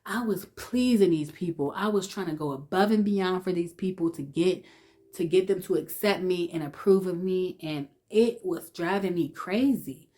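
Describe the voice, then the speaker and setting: A woman telling her personal testimony in an emotional, conversational way, restarting often and dropping to a hush when she relives fear. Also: on the low side, normal speed. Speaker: vlogger sharing her testimony.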